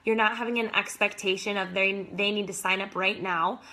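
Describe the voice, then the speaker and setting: A woman's voice: mid-range voice, steady tone, moderate pace, bright, forceful tone. A young adult woman, a fitness coach, giving enthusiastic, casual motivational advice to other coaches with lots of "like".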